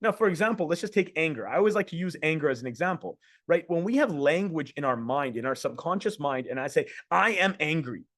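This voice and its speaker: A man's voice: a little high, animated, fast, few pauses, no echo, clean studio sound. A man coaching other men on a group call, talking casually and bluntly, with some swearing and repeated words. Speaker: men's coach. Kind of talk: motivational talk to a group call.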